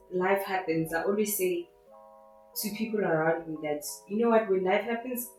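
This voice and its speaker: A woman hosting her own podcast in an excitable, rambling way, with faith-filled asides. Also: on the low side. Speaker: podcast host. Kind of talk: casual solo podcast monologue. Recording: very echoey room with faint music.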